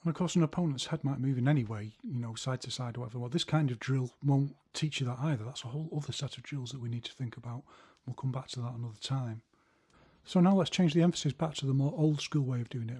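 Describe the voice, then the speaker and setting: Male instructor, husky, explanatory tone, counting through drills. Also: mid-range voice, fast talker, dark tone. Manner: explanatory, counts punches aloud while demonstrating. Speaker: martial arts instructor. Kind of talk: demonstrating martial arts drills.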